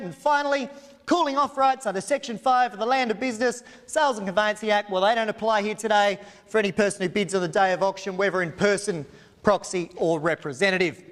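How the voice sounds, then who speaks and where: A man working as an auctioneer, reading out auction terms and pitching a property with confident, formal, fluent patter. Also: a bit bright. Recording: long hall reverb.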